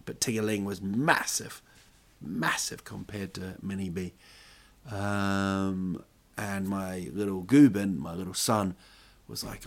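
A man's voice: low-pitched, fairly even intonation, slow. A man hosting a podcast, telling jokey stories in a rambling, casual monologue full of restarts. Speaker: podcast host.

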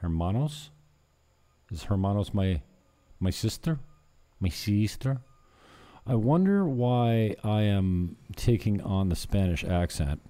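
In his vlog, a man with a fairly low, mellow voice talks slowly and animatedly, pausing often. His chat wanders, he mocks himself, and broken Spanish creeps in here and there.

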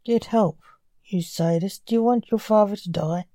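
Scoffing storybook son, sarcastic and snappy, mellow and dry, woman reading. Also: mid-range voice, normal speed, no room sound, close to an everyday voice. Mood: snappish. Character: sarcastic grown son, dismissive and mocking.

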